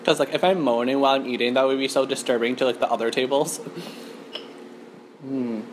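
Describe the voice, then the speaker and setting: A woman's voice: extremely low pitch, steady tone, rapid-fire, noisy background. Chatty woman hosting a restaurant mukbang. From Canada. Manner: chatty, lots of "like" fillers, frequent moans while eating. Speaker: mukbang host. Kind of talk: chatty eating-show vlog. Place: empty restaurant.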